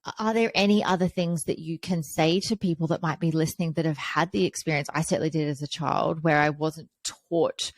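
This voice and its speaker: Woman host, low voice, affirming interviewer, dry close sound. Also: steady tone, brisk, few pauses, dry recording. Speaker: podcast host. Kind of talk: casual interview conversation.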